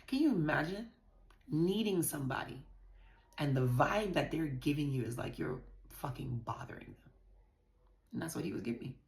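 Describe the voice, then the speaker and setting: A woman's voice: low voice, animated, normal speed, gravelly, a little mellow, roomy sound. A woman from the Virgin Islands speaking frankly and profanely to her viewers while telling a personal story. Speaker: vlogger. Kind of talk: candid personal storytelling to camera.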